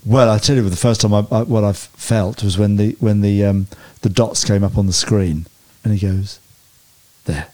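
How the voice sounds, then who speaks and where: A man telling lively personal stories as an interview guest, often stumbling and restarting mid-sentence. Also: lowish voice, moderate pace, few pauses. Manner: animated anecdotes with hesitant restarts. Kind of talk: storytelling interview chat.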